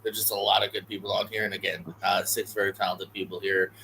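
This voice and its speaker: Quick, jokey male co-host, casual, faint background noise. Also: low-pitched, flat delivery, vocal fry, sharp tone, poor audio. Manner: quick and jokey, with loose fillers. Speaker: podcast co-host. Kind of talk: casual chat.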